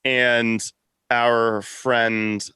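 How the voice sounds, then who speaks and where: A man in casual interview chat tells stories with animated energy. He acts out what people said and laughs often, at a medium pitch. The recording is close and dry. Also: extremely slow, smooth, no room sound. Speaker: podcast network founder, guest.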